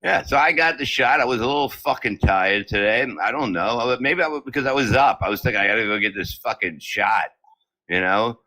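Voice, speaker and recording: A man's voice: mid-range voice, lively intonation, fairly quick, hardly any pauses, sharp tone. A man in his seventies hosting from home, telling crude comic stories full of swearing. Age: 70s. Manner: crude, brash, swears constantly. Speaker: comedy podcast host. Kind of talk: profane comic storytelling.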